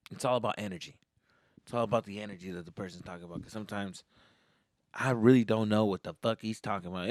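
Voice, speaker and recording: A man's voice: fairly low pitch, fast talker, no room sound, clean studio sound. A man hosting his own podcast in a rambling, profane solo monologue, slipping into Spanish phrases now and then. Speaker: podcast host.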